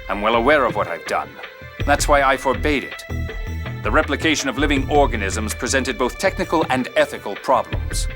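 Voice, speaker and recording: An actor playing a composed male scientist in a video game, speaking in a calm, formal, coolly cutting way. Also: mid-range voice, fairly quick, close to an everyday voice. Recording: game audio with music behind.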